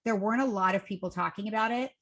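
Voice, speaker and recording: Podcast guest, woman, 40s, bright voice, lively storyteller who acts out the dialogue. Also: rapid-fire. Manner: lively, acts out quoted dialogue with raised pitch. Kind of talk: casual interview storytelling.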